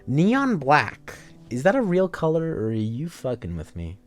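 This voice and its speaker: A man's voice: fairly high pitch, wildly swooping pitch, a little slow, faint music behind. A young man streaming a story game, chatting with his viewers in a casual, joking way and swearing freely. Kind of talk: casual live-stream chat while playing a story game.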